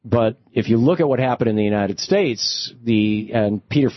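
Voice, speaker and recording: A man's voice: mid-range voice, moderate pace, dry recording, muffled recording. A man hosting a call-in radio talk show, chatting with callers and thinking aloud with many restarts.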